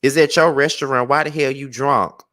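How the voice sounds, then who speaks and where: A man hosting a live celebrity gossip chat, sassy and animated, scolding with sudden high exclaims and drawling "child" and "honey". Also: normal speed, no echo. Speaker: gossip show host.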